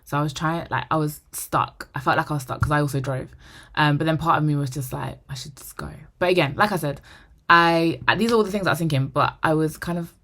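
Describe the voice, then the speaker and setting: A young woman vlogger telling a personal story to camera, animated and acting out the dialogue. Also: sits low, quick pace. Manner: animated, acts out quoted dialogue; drops to a whisper for inner thoughts. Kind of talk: storytime monologue.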